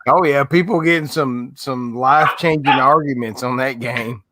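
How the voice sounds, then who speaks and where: A man's voice: mid-range voice, moderate pace, very noisy. A man chatting casually as a guest, dropping in laid-back remarks. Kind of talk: casual chat.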